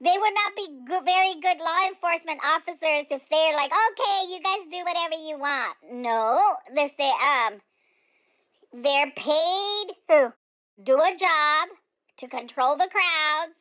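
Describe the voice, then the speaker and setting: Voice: high voice, unhurried, pushed and bright, muffled recording. A performer voicing an outspoken, chatty older woman, rambling through her opinions with plenty of fillers. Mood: opinionated. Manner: chatty, digressive, many fillers. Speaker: comedic character monologue.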